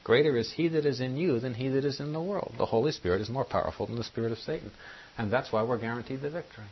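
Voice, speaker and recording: A man's voice: medium pitch, husky. A man preaching a Bible-study sermon, teaching and putting questions to his listeners. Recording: muffled lo-fi recording.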